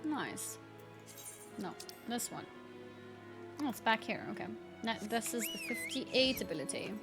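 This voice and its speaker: A woman's voice: fairly high pitch, wildly swooping pitch, measured pace. Playful woman streamer, faint music. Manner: chatty, playful, reads game text aloud. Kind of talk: casual gameplay commentary.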